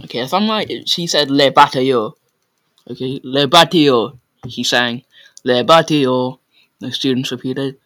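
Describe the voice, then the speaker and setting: A man reads a story aloud in a loose, unpolished way. His voice is bright and forceful. He stumbles on hard words and corrects himself as he goes. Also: mid-range voice, unhurried, rough recording. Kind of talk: casual read-aloud of a story.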